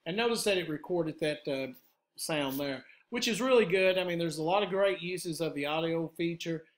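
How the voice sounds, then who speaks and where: A man who is a teacher, giving a patient step-by-step software tutorial to his students, with frequent "uh" fillers. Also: on the high side, normal speed. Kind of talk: screen-recorded software tutorial.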